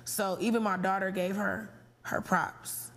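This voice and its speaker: A woman's voice: mid-range voice, flat delivery, measured pace, a bit bright. A woman hosting a casual live call-in show, talking in a slangy, candid way and laughing often. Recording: long reverberant room echo.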